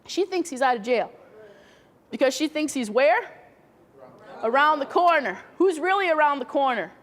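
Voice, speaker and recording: A woman leads a training session, walking through her points step by step and putting questions to the audience. Her voice sits high for a woman. The long reverb of a hall hangs behind her. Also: lively intonation, normal speed, fairly bright tone. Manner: explains step by step, asks the room questions. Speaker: workshop presenter. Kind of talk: training talk.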